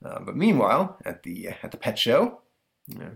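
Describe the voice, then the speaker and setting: A man's voice: fairly low pitch, big pitch swings, brisk, gravelly. A man hosting a podcast, retelling a comic strip in rambling casual chat with fillers and chuckles. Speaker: podcast host.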